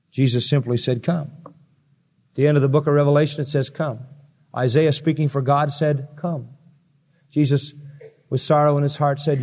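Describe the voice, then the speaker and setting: A male preacher giving a sermon, telling Bible stories in an animated way and acting out the voices of the people in them. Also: mid-range voice. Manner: animated storytelling, acts out voices. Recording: long reverb of a large hall.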